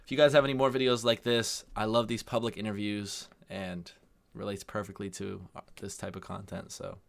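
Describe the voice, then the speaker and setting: American guy rambling about a video, deep-ish voice, lots of vocal fry. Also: fairly quick. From United States. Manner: relaxed, rambling with fillers. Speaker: reaction video host. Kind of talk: casual commentary.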